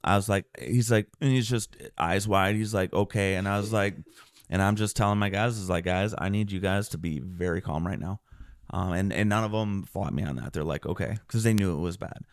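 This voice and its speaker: A veteran man tells his story on a podcast in a low, gravelly voice. He speaks earnestly, clears his throat often and restarts his sentences. The recording is dry and close. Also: a little fast, no room sound. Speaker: military veteran guest.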